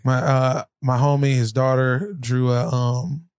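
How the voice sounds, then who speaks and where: A man's voice: medium pitch, fairly even intonation, measured pace, darkish tone, clean tone, dry recording, studio quality. Laid-back man rambling on a podcast. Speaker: comedian guest. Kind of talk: casual podcast banter.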